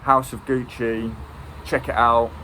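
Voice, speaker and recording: A man's voice: mid-range voice, little pitch movement, takes it slowly, noisy background. A man giving a casual, rambling film review. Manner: rambling, with many ums and restarts.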